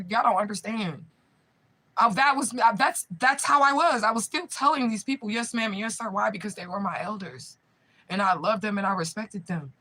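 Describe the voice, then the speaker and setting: Bright-voiced, cursing woman medium venting. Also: medium pitch, rough recording. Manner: profane, rambling and repetitive; keeps asking listeners if they follow. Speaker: spiritual medium. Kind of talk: emotional direct-to-camera vlog.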